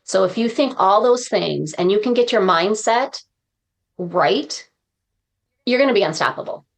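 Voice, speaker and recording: A woman's voice: mid-range voice, expressive, unhurried, vocal fry. Earnest woman speaker sharing uplifting lessons. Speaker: guest, motivational speaker. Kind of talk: podcast interview conversation.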